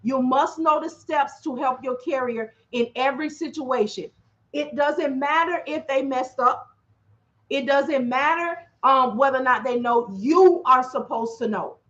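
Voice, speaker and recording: A woman dispatcher talking casually to her audience in a lively, animated way, acting out her phone calls and clearing her throat often. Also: high-pitched, dull audio. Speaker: freight dispatcher. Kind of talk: casual livestream talk. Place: drafty office.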